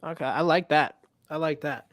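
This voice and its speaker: A man's voice: fairly high pitch, moderate pace, a bit bright, no room sound. A man co-hosting a casual sports podcast, agreeable and easygoing. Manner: easygoing, agreeable, laughs often. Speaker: podcast co-host.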